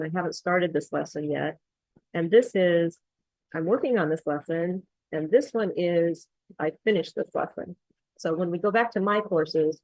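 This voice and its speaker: A woman with a fairly low voice explains her lesson materials in a steady, patient walkthrough. She pauses often with ums. The sound is dry and close. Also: no room sound, rough recording. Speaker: accent coach. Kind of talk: screen-share tutorial walkthrough.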